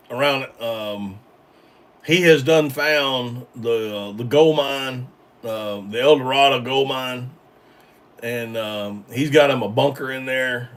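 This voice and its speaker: A man's voice: medium pitch, a bit bright, far from the mic. A man hosting a casual livestream, rambling with lots of ums and restarts while chatting with viewers. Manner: rambling, hesitant, full of ums and repeated starts. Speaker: livestream host reading chat. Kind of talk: casual live-stream chat.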